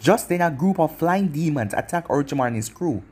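A man narrating a fan-made anime story in a plain, brisk storytelling manner. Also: a little high, expressive, a little mellow, husky. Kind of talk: story reading.

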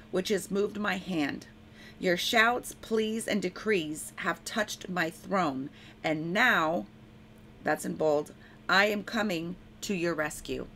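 A woman's voice: medium pitch, fairly bright tone, slight background noise. A woman reading a prophetic word and scripture aloud in an earnest way, stopping now and then to correct herself. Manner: slow, earnest reading with frequent self-corrections.

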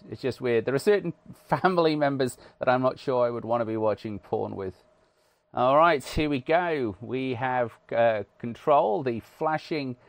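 A British man from the UK chats through a game with dry, self-mocking humour, stopping often on "uh". His voice sits at an ordinary middle pitch. The sound is dead and close, with no room around it. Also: dry recording. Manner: dry, wry and self-deprecating, with frequent "uh" fillers. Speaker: gaming channel host. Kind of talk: casual gameplay commentary.

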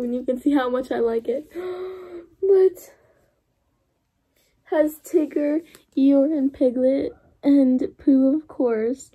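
A young woman vlogging an unboxing, gushing and gasping with excitement as she opens gifts. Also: sits high, phone-quality sound.

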